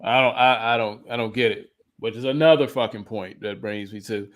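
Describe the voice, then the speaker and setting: A man's voice: mid-range voice, fairly quick, a bit bright. A man co-hosting a podcast, ranting in a profane, heated way in casual chat. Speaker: podcast co-host.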